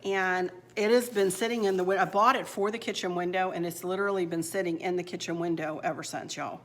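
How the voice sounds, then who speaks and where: A woman's voice: lowish voice, steady tone, fairly quick, fairly bright tone. A woman chatting homily through a decorating tutorial in her kitchen, laughing easily as she works. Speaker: home decor vlogger. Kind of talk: casual crafting tutorial chat. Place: home kitchen.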